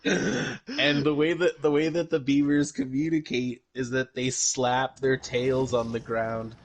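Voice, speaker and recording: A man's voice: medium pitch, fairly even intonation, unhurried. A man co-hosting a podcast, casually recapping a movie in a rambling way, with lots of fillers, swearing and laughter. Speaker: podcast co-host.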